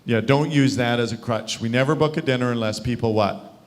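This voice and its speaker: A man's voice: mid-range voice, fairly quick. Guy running a sales training on a call, asks the group questions a lot. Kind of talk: live training session. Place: video call.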